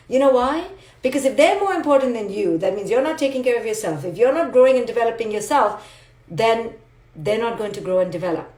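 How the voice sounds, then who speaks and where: A woman's voice: fairly high pitch, animated, fairly quick, a little mellow, roomy sound. A woman psychologist giving a live motivational talk, emphatic and repetitive, speaking directly to her listeners. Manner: emphatic, repetitive, direct address with acted asides.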